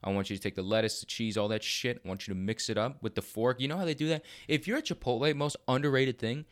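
A man's voice: medium pitch, fast talker. A young man from Arizona telling a rambling, profane story in casual podcast talk, acting out the people he quotes. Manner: profane, rambling, animated quoting of others.

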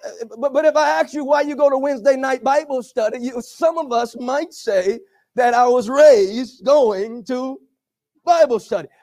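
A pastor preaching a sermon with call-and-response to his congregation, often rising to shouts. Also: very high-pitched, normal speed.

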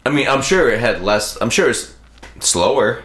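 A man co-hosting a podcast, cracking dry, deadpan, self-mocking jokes. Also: medium pitch, moderate pace. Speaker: podcast co-host. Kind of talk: crude casual chat. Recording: echoey room with faint noise.

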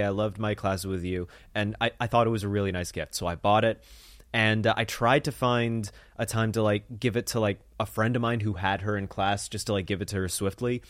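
A young man co-hosting a podcast, telling a rambling comic story with animated quoted voices. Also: lowish voice, no echo, studio quality. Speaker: podcast co-host. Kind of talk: casual comedic chat. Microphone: studio mic on a stand.

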